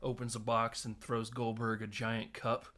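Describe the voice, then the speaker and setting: A man in his thirties hosting a casual film podcast, retelling scenes in an animated way with frequent laughter and casual swearing. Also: mid-range voice, moderate pace. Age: 30s. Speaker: podcast host. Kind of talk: casual film recap chat.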